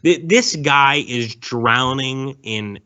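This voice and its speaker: Excitable man teasing crudely. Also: medium pitch, slow pace, clear, resonant tone. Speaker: guest streamer. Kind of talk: casual chat. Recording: dull lo-fi audio.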